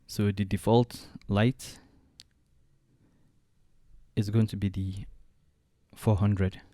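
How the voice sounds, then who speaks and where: A man walking through a design software tutorial step by step, thinking aloud as he clicks along. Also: fairly low pitch, little pitch movement, very slow, no room sound. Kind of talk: screen-recorded software tutorial.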